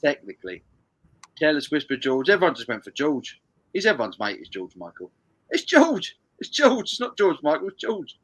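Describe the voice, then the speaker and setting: Running a charity music quiz on a live stream, this man reads viewers' answers aloud, banters, laughs, and swears a lot. His medium-pitched voice is a bit bright, brisk, and full of big pitch swings.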